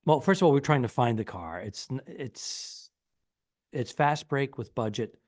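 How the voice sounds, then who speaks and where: A man's voice: medium pitch, animated, a little slow, a little mellow, no echo, clean studio sound. A man co-hosting a comedy podcast, telling a long rambling story in casual chat and acting out the people in it. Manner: rambling anecdote, acts out quoted people. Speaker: podcast co-host.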